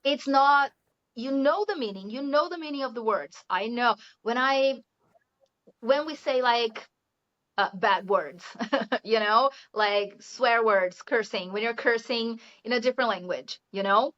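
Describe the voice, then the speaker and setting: On a muffled lo-fi recording, a Brazilian woman who teaches English talks casually as an interview guest, her English carrying a Brazilian Portuguese accent. Her pitch is fairly high and a bit bright, her pace a little slow, and she laughs often and keeps saying "you know."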